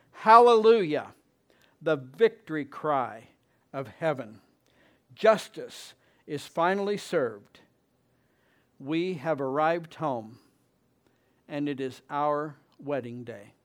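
A man preaching a sermon, reading scripture with slow, emphatic delivery and rising exclamations. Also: fairly high pitch, a bit bright, clear, resonant tone. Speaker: pastor.

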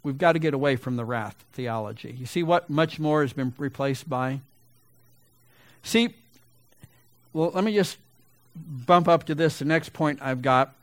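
A middle-aged pastor preaching a sermon loudly and with emphasis, his voice a little gravelly and building to big swells. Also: on the high side, unhurried, pauses often.

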